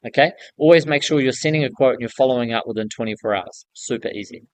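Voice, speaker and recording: A man talks straight to the camera like a coach, direct and casual with some slang, often tagging points with "okay?". His voice sits at an ordinary middle pitch and sounds close and dry. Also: fast talker, no echo. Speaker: building contractor coaching newcomers. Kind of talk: casual advice vlog.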